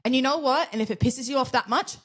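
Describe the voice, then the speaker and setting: A woman's voice: high-pitched, quick pace. A woman in her twenties with an Australian accent, co-hosting a podcast in casual chat, blunt and sweary, laughing often. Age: 20s. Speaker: podcast co-host.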